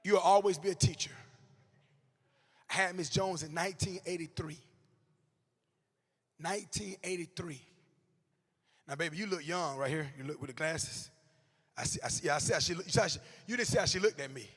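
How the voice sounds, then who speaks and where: A man, telling comedic stories to educators in an animated way, with bursts of shouting and acted-out quotes. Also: a little high, fairly quick, pauses often, breathy edge, long reverb tail. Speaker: motivational comedic speaker. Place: large hall before a live audience.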